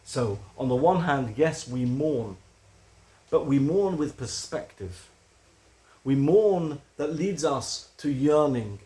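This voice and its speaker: A man's voice: mid-range voice, takes it slowly. Earnest man giving a religious lecture. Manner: earnest, rising to animated emphasis. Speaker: Torah teacher.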